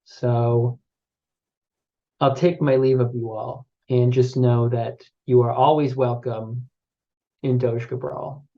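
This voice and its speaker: A game master playing a formal, grateful city leader. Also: male voice, mid-range voice, flat delivery, vocal fry. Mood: solemn. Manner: measured, formal farewell speech. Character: Dora, grateful woman who runs a city. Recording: dull lo-fi stream audio.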